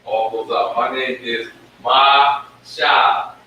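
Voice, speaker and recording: Male teacher, unhurried, drawls each syllable, bright tone, very echoey room, distant mic. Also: medium pitch, steady tone, lo-fi sound, slight background noise. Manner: slow, drawn-out sounding of syllables. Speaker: Hebrew teacher. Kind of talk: classroom lesson streamed live. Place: room with a whiteboard.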